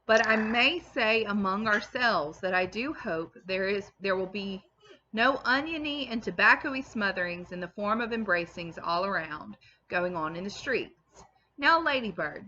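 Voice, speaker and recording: A woman's voice: medium pitch, expressive, a little slow, muffled recording, slight background noise. A woman reading aloud and voicing an outspoken, fussy older Englishwoman, a loyal servant who speaks emphatically and scolds freely. She sounds like a teacher reading a classic novel to a class. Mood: emphatic. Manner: emphatic and loud, scolding and opinionated.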